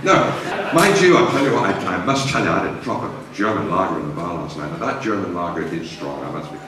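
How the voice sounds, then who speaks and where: A man cracks self-mocking jokes at a fan convention, his voice rising and falling in lively swings. He sounds far from the mic, swallowed by the long echo of a big hotel hall, with the audience clearly heard around him. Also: sits low, fast. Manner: jokey, self-mocking, laughs at own jokes. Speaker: convention guest actor. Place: large event hall in a hotel.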